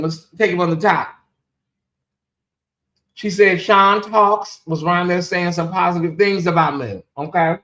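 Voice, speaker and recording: Animated ranting woman live-streamer. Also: lowish voice. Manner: animated, ranting, laughs often. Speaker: livestream host. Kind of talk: casual live-stream chat.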